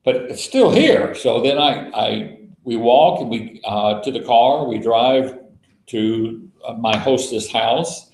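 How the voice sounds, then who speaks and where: A man leading a small-group Bible study, telling stories in a relaxed, folksy way and spelling words out letter by letter. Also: mid-range voice, takes it slowly, roomy sound, low-quality recording. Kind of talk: casual teaching talk to a small group.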